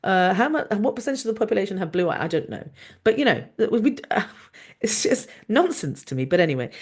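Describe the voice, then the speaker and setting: A podcast host and doctor giving a passionate, sarcastic monologue over a video call recording. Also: medium pitch. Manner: sarcastic, mocking, animated.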